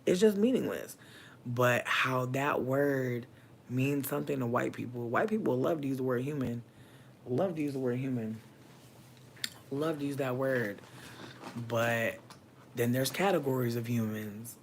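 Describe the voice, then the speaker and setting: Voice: medium pitch, a little slow, creaky, slight background noise. Impassioned, profane livestream host. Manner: impassioned and preachy, profanity-laced; addresses viewers and chat directly. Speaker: livestream host giving readings. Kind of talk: casual livestream monologue.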